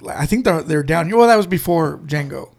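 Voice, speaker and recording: A laid-back man joking around on a podcast and readily agreeing with his co-host. His voice sits high, with a gravelly rasp that creaks through. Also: animated, a little fast, darkish tone. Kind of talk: casual chat about movies.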